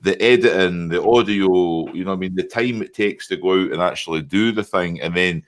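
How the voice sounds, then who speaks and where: A Scottish man guesting on a live stream, chatting in an animated way and often checking in with his listeners. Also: low-pitched, a little fast. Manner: chatty, animated, keeps saying "you know what I mean". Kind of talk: casual chat.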